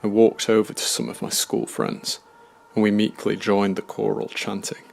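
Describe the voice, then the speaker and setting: A man narrating a scripted horror story in a measured, somber way. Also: fairly low pitch, little pitch movement, gravelly.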